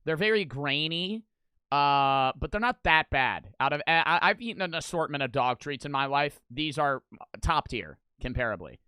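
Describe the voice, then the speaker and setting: Loud, swearing young man reacting. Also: a little high, lively intonation, normal speed, clean tone. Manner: loud, swears a lot, rants. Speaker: streamer reacting to old commercials. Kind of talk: casual reaction commentary.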